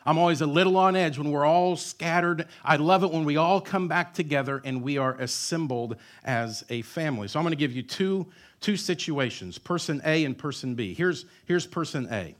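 A man's voice: on the high side, moderate pace, few pauses. A male pastor in his thirties preaching a sermon in a church, with emphatic repetition and joking asides.

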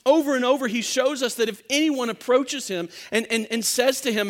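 The voice of this male pastor is extremely high-pitched and brisk. During his sermon he spins an animated story, dramatizing the quotes and frequently beginning his sentences anew.

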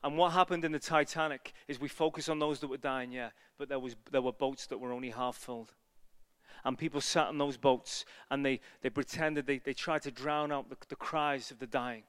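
A man preaching an evangelistic sermon, telling a story and building to loud, passionate appeals. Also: medium pitch, steady tone, fairly quick, clean tone, in a large hall.

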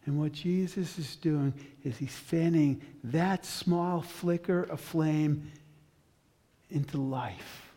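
A male pastor preaching a sermon with dramatic storytelling, long pauses, and passages that build to loud intensity. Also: on the high side, long reverb tail.

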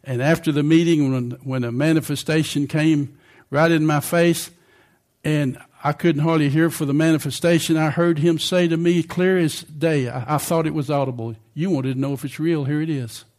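A man's voice: fairly high pitch, fairly even intonation, normal speed, darkish tone. An older man preaching a sermon in a conversational way, often asking the congregation questions.

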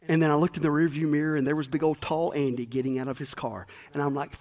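A male pastor preaching a sermon in a folksy, animated storytelling style. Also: fairly high pitch, fast, few pauses. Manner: folksy, animated, acts out quotes.

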